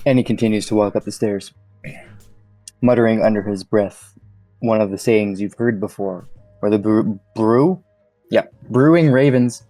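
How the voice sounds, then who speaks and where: A man running a tabletop game, his voice low and mellow, narrating in a calm, measured manner. The sound is dry and close, with faint music underneath. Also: no echo, low-quality recording. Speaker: game master.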